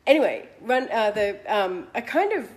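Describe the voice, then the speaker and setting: Australian woman host, 40s, animated casual storyteller, mid-range voice. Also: mid-range voice, moderate pace. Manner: chatty, self-mocking, animated.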